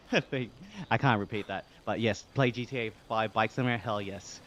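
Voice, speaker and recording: Over a little hiss or hum, a medium-pitched Australian man chats casually on a live stream while cycling. He reads chat messages aloud and laughs frequently, staying relaxed throughout.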